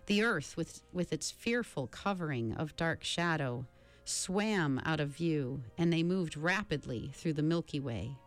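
A woman reading a novel aloud slowly and expressively. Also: sits low, faint music behind. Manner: slow, expressive storybook reading. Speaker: reader.

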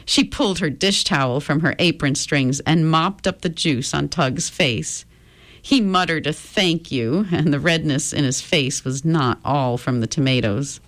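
A woman reading a children's chapter book aloud in a gentle, expressive storytelling manner. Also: sits low, measured pace.

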